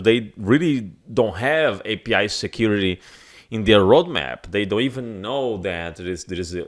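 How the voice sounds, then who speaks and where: A man with a giving an enthusiastic conference keynote, with small grammar slips. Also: fairly low pitch. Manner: enthusiastic, with some non-native grammar slips. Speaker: keynote speaker.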